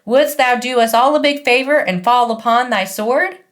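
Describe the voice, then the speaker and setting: A woman's voice: on the high side, normal speed, pitched above the performer's own voice, lightly acted. A woman voicing a clever young boy who acts cool and mock-grand, in an audiobook. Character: clever, cocky small boy. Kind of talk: audiobook character voice.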